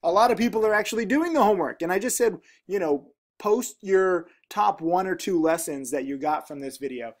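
Male host with a somewhat high voice, rambling casual chat while reading comments aloud. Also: brisk, hardly any pauses. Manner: chatty and rambling, with frequent ums and asides. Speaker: trading educator, channel host.

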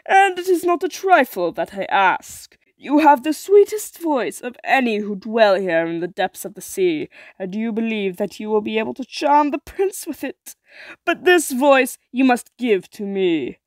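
A woman's voice: on the high side, animated, a little slow, no echo. A woman voicing a cruel, cackling old sea witch in a storybook reading, gloating and menacing.

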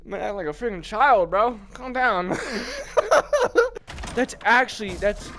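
A man hosting a horror game let's-play, commentating as he goes, yelping and shouting at scares and muttering to himself in between. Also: high-pitched, measured pace, a little hiss or hum. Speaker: gaming channel host.

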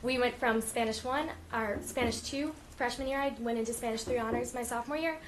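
A woman's voice: on the high side, a little fast, slight background noise. A teenage girl giving an earnest prepared statement at a school committee meeting, with frequent ums. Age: teens. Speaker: student speaker at public comment.

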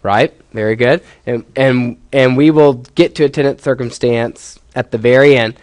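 A man's voice: mid-range voice, normal speed, darkish tone, dry recording. A male professor giving a classroom lecture, explaining step by step and putting questions to his students.

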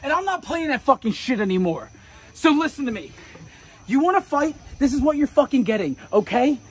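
A man's voice: extremely high pitch, big pitch swings, brisk, poor audio. A man, a pro wrestler, cutting an aggressive, profane promo in a confrontation. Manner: profane, aggressive trash talk.

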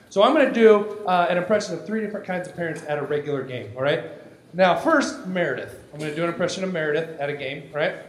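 A man in his forties doing a stand-up comedy routine on stage, loud and animated, often shouting for effect. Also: a little high. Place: comedy stage before a live audience. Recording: echoey live room with crowd.

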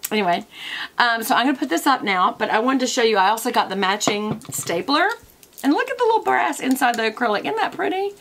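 A woman's voice: a little high, expressive, quick pace, fairly bright tone, a little hiss or hum. A woman, talking casually to camera from her desk as a product vlogger, chatty and wandering off on tangents.

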